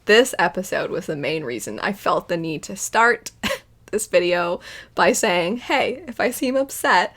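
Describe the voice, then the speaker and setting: A young woman with a bright, clear voice talks casually as an anime reaction host. Her delivery is animated, and she breaks into loud, exasperated outbursts as she reacts. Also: medium pitch. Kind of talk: casual spoken commentary.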